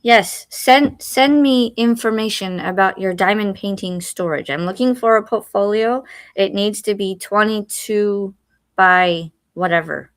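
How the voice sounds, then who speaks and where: A woman's voice: mid-range voice, unhurried, no echo. Wry woman co-host, dry asides. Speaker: livestream co-host. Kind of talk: casual chat.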